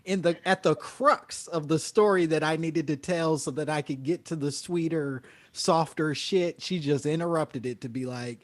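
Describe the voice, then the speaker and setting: A man's voice: fairly high pitch, normal speed, hardly any pauses. A man in his thirties, a comedian guest telling stories in casual chat and acting out quotes. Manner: animated, acts out quotes.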